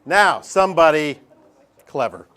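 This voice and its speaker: A man teaching a math class, lively and joking as he talks straight to his students in a classroom. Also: on the high side, unhurried, clear, resonant tone. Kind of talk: classroom lesson.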